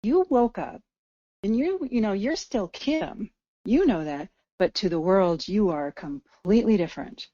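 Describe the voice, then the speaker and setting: A woman's voice: mid-range voice, animated, a little slow, mellow, dry recording. A woman co-hosting a podcast in a playful, casual way. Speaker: podcast co-host. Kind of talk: casual chat. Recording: dull dry lo-fi sound.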